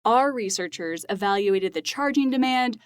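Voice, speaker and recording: A woman's voice: medium pitch, expressive, moderate pace, clean tone, dry recording, studio quality. A woman co-hosting a lab podcast, reading short semi-scripted segments with an upbeat manner and easy asides. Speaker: podcast co-host.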